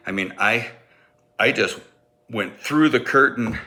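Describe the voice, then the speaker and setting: A man telling a comic personal story in an animated way, acting out sounds and voices. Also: mid-range voice, takes it slowly.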